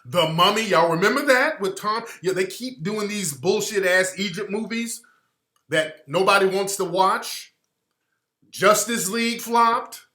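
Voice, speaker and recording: Man, radio host, bright pushy voice, echoey room. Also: sits high, unhurried. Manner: blunt, profane and animated, mimics others in quoted voices. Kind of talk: opinionated radio commentary.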